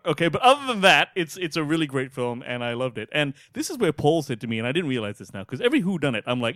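A man's voice: mid-range voice, big pitch swings, fast, hardly any pauses, fairly bright tone, no echo, studio quality. A man from Australia co-hosting a film podcast, talking casually, swearing freely and laughing often. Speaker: podcast co-host.

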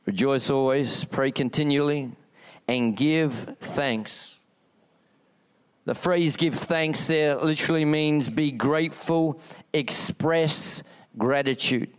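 A pastor preaches to his church in a high, smooth, resonant voice. He is passionate, leaning on repeated exhortations and swinging his emphasis up and down as he drives each point home. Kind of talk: sermon.

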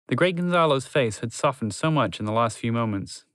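Brief: male storyteller, even and gentle, close dry mic. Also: mid-range voice, brisk, few pauses, dry recording. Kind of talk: storybook narration.

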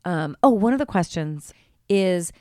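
Her voice is lowish and dark-toned, animated yet unhurried, captured as clean studio sound without any room noise. She's a woman co-hosting a podcast, spinning a story in casual conversation, voicing the people involved and cursing heavily.

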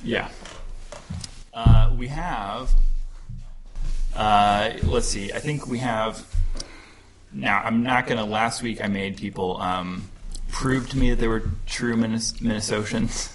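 A man's voice: on the low side, noisy background. A man hosting a comedic podcast live from a bookstore, playful and full of fillers. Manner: playful, hesitant with many fillers. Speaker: podcast host. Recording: echoey room with music.

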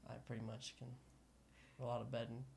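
A young man speaking as a podcast guest, easygoing and earnest, with halting restarts. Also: medium pitch, little pitch movement, gravelly, a crowd in the background. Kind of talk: casual chat.

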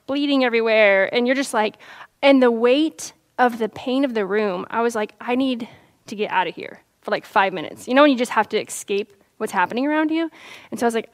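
Young woman preacher, slightly high-pitched, conversational sermon delivery. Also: a bit bright, no room sound. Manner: conversational, storytelling with asides and laughs.

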